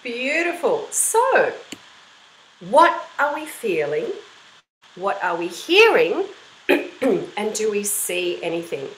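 A woman's voice: medium pitch, sing-song, slow, long pauses, reverberant, slight background noise, poor audio. A woman from Australia teaching an online voice class for kids in an encouraging, storytelling manner. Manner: bright, encouraging teacher voice, storytelling with sung-out examples.

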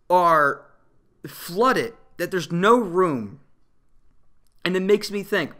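A movie reviewer ranting casually about a film, profane and exasperated, laughing often and getting loud at times. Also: mid-range voice. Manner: animated, rising to loud outbursts.

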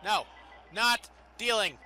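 A man giving excitable, goofy gameplay commentary as a let's play host, with faint game music behind. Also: sits high, slow pace, slight background noise. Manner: excitable, goofy, exclaims loudly.

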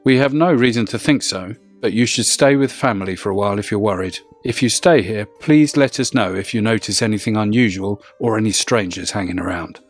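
A man voicing a calm adult policeman who speaks in a measured, reassuring way. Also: lowish voice, faint music behind, lightly acted.

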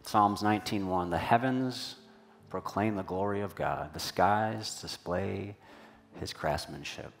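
A pastor with a low, creaky voice preaches a sermon in church at an unhurried pace. He shares a personal story and puts questions to the congregation in a conversational way.

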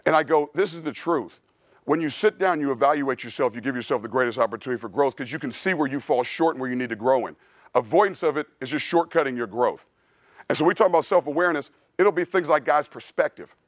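This clinic presentation comes from a male strength coach with a medium-pitched voice and a quick pace. He is blunt and preachy but casual, saying "dude" often, and the studio-quality recording has no echo.

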